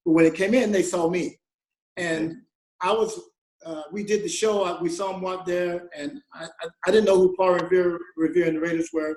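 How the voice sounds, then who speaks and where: A man's voice: sits high, steady tone, moderate pace, a little mellow, echoey room, low-quality recording. A man telling a long personal story as a guest in an interview, acting out the voices of people he quotes and laughing often. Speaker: guest musician.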